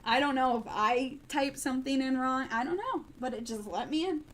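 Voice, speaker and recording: A woman's voice: high voice, normal speed, poor audio. Chatty Midwestern woman livestreamer. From American Midwest. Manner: chatty, rambling with many ums and restarts. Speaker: livestream news host. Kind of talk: casual late-night livestream chat.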